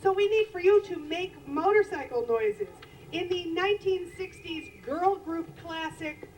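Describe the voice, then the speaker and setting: A woman's voice: very high-pitched, unhurried, a little mellow. A woman in a band announcing a song and coaxing the audience to join in, in a theatrical emcee manner on an outdoor stage. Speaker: band member introducing songs. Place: outdoor lawn concert stage. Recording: distant live stage recording with faint noise.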